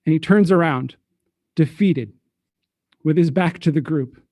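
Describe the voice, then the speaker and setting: A man narrating as game master for a tabletop game, relaxed and a little hesitant. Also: on the high side, a little slow, long pauses, no room sound, studio quality.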